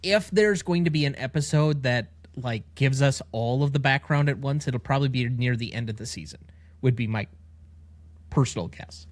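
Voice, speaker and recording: A man co-hosting a podcast, picking apart a show's legal details in a measured, analytical way. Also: medium pitch, no echo. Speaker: podcast co-host. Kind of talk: casual TV recap chat.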